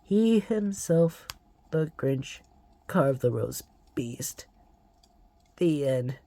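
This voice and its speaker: A channel host slowly reading a storybook aloud, emotional about the story. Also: mid-range voice, expressive, warm tone.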